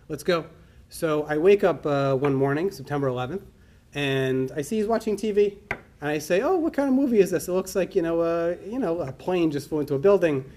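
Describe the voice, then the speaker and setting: A middle-aged man telling a personal story to a conference audience, acting out the dialogue in an animated way. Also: a little high. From New York. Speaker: conference speaker. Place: conference hall.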